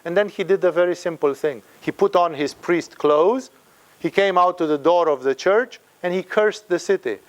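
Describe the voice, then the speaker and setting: A man's voice: high voice, moderate pace. A man giving a spiritual talk, emphatic and fond of acting out the people he quotes. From Romania. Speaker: spiritual teacher.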